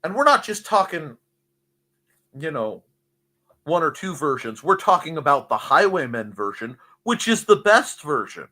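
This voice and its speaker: A middle-aged man hosting a casual livestream, reading chat comments in a rambling, jokey way with a slightly hoarse voice. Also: on the high side, measured pace. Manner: rambling, jokey, animated asides. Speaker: livestream host.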